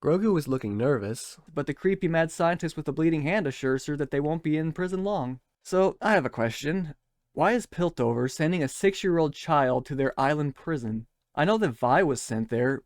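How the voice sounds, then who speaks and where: A man's voice: on the high side, a little mellow, no room sound, clean studio sound. A man giving scripted, sarcastic commentary as a show critic, scathing, mocking and profane.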